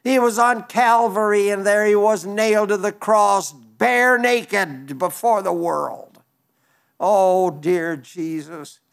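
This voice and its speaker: A man's voice: high voice, slow, creaky, smooth. A man, a pastor, preaching a sermon, reading scripture aloud and explaining it in an earnest way with frequent restarts.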